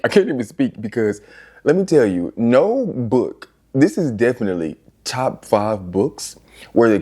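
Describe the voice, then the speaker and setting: A young man reviewing books in a casual vlog, animated and exasperated, swearing freely as he rants. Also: medium pitch. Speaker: book reviewer.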